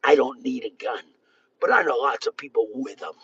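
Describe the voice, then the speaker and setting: A man ranting on a livestream, profane and erratic, swinging between yelling and low muttering, with a raspy, gravelly voice. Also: expressive, brisk. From Boston area. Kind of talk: angry livestream rant. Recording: dull lo-fi sound.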